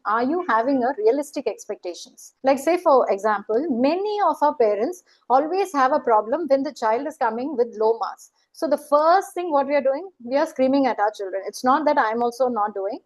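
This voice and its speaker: A woman's voice: high-pitched, poor audio. A middle-aged woman, giving an earnest, questioning motivational talk as a life coach. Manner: acts out quoted voices.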